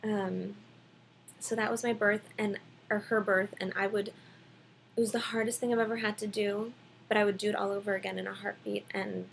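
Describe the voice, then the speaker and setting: A young woman telling a personal story at home in a casual, chatty way, with many fillers and lively quoted voices. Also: mid-range voice, normal speed, vocal fry, a little hiss or hum, rough recording. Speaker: vlogger.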